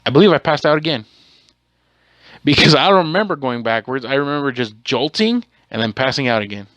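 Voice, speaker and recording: A man's voice: mid-range voice, sing-song, fairly quick, a bit bright, dry recording. Rambling, cursing man telling a story. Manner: rambling, profane, self-correcting. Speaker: podcast host. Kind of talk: casual storytelling monologue.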